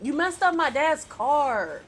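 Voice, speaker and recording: A woman's voice: high voice, lively intonation, takes it slowly, a little hiss or hum. A young woman giving casual reaction commentary to a movie, talking back at the screen with teasing jokes and exclamations.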